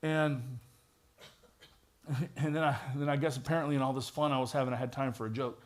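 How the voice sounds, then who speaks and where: A man's voice: medium pitch, fairly even intonation, fairly quick. A middle-aged man, a retired police detective, giving a vivid personal testimony in a church with touches of wry humor.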